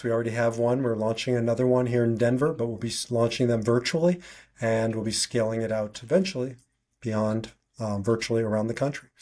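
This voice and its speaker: Male podcast host, solo monologue, earnest conversational delivery, average pitch. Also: darkish tone. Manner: earnest, conversational, with frequent restarts.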